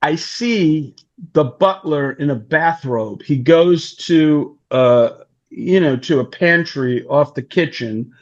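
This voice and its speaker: A man's voice: a little high, slow, dull audio. A man telling a long anecdote in a casual interview, acting out the voices of the people in it. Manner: animated, acts out quoted voices. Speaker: guest storyteller, talent manager.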